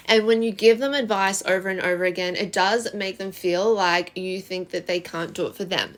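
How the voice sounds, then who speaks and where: A woman telling relationship scenarios in a casual vlog, expressive and animated. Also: medium pitch. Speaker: relationship vlogger.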